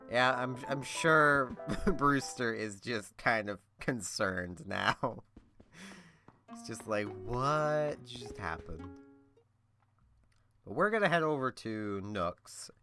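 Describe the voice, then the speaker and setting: A man's voice: fairly low pitch, bright, forceful tone. A young man chatting casually while playing a game, rambling and laughing often. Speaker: let's-player. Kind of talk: casual gameplay commentary.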